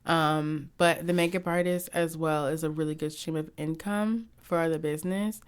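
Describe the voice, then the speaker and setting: A young woman from the United States chatting in an interview, telling stories in an animated way and acting out quotes from others. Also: deep voice, moderate pace, clear, resonant tone. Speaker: guest, cosmetics company founder. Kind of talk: casual interview chat.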